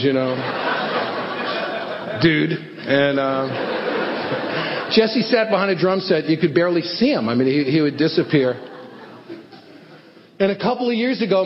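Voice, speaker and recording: A middle-aged man doing stand-up storytelling, self-deprecating and animated. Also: fairly high pitch. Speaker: stand-up comedian. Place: theater stage before an audience. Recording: echoey hall, dull lo-fi sound, faint hiss.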